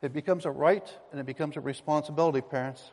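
A fast-talking pastor with a fairly high, slightly mellow voice tells folksy stories emphatically as he preaches to the congregation. The sanctuary's long reverb trails after his words.

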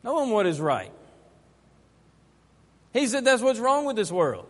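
High-voiced man preaching in a reverberant hall. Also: huge pitch swings, a little slow. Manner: emphatic, repeats key phrases. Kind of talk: sermon.

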